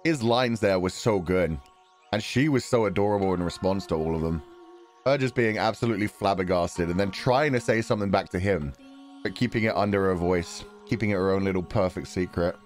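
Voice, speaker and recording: A man's voice: low-pitched, faint music behind. A man chatting casually and laughing as he plays through a story game. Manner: chatty, giggly, quick to laugh. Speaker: streamer playing a game. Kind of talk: casual gameplay commentary.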